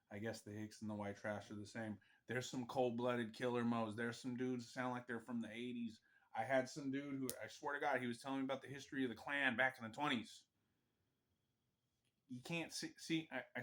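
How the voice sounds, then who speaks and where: Animated rambling man telling a story. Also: mid-range voice. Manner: rambling, animated, keeps asking "right?". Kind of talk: casual personal storytelling.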